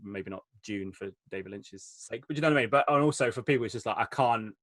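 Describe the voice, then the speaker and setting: A man, an enthusiastic film critic chatting casually through a review in quick rushes. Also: on the low side, fairly bright tone, no room sound.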